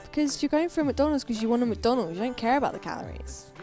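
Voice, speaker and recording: A woman's voice: fairly high pitch, animated, quick pace, over music. A woman co-hosting a casual livestream quiz, laughing often. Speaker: co-host.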